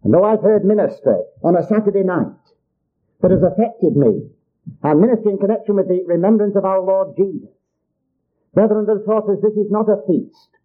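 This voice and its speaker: A man's voice: high-pitched, normal speed. An older man preaching a sermon in an earnest, repetitive way, often calling his hearers child of God. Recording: dull lo-fi recording.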